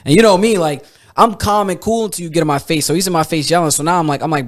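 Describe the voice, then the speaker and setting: Rapid-fire male storyteller, slightly higher voice, salty language. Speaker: podcast co-host. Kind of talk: casual chat.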